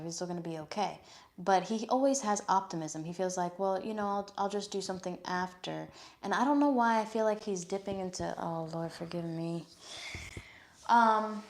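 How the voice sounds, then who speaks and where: A young woman giving a casual live-stream tarot reading, chatty and frank, often swearing and checking in with "okay?". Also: lowish voice. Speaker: tarot reader.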